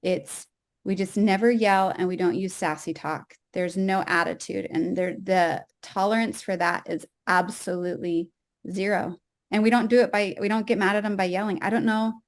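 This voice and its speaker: A woman's voice: mid-range voice, fairly even intonation, moderate pace. A mother talks as a podcast guest in an earnest, firm way. Her voice sits in an ordinary middle range, and her delivery stays conversational. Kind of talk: casual conversation.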